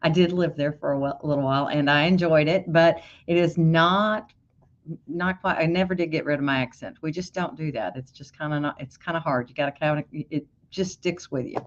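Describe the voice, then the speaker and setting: A woman hosting a casual livestream tutorial on embroidery software, chatting and greeting viewers by name. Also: sits low, brisk, lo-fi sound.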